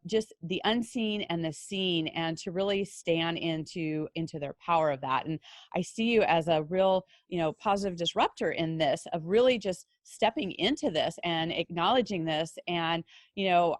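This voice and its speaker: A woman's voice: lowish voice, dry recording, studio quality. A woman hosting an interview, asking effusive, meandering questions. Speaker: podcast host.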